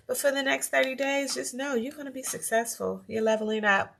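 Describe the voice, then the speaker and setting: Woman, tarot reader, casual and playful, slightly high voice, roomy echo, a little off-mic. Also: fairly quick, creaky, fairly bright tone, distant mic, slight background noise. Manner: chatty and playful, talks to the cards. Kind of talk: casual tarot reading to camera. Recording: roomy sound, set back from the mic.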